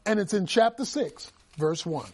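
A male pastor preaching a sermon, telling stories animatedly, with bursts of shouting. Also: high-pitched, lively intonation, normal speed, slightly rough.

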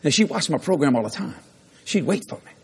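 A middle-aged preacher delivers his sermon as a string of lively, laughing stories. His voice is somewhat high and husky. He leaps up in pitch when he acts out a moment. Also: quick pace. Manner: lively, laughing anecdotes with sudden jumps in pitch. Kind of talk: storytelling sermon.

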